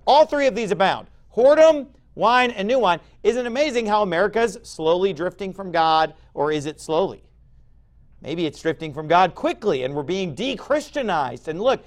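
A pastor in his forties delivers a sermon in a notably high voice. His pitch leaps and falls across a wide range, and his talk stays conversational, breaking into loud, punchy emphasis. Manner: emphatic, conversational preaching with sudden loud bursts.

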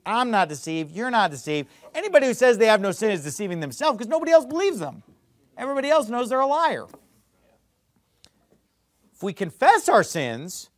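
A man preaching a sermon as pastor, emphatic and swinging between loud and hushed. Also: no room sound. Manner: emphatic, swings between loud and low, mimics others mockingly.

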